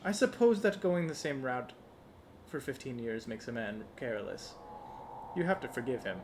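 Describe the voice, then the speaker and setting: A man's voice: medium pitch, animated, moderate pace, natural voice. A man voicing a kind, chatty middle-aged landlady in a solo tabletop game, in a noisy recording. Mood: motherly.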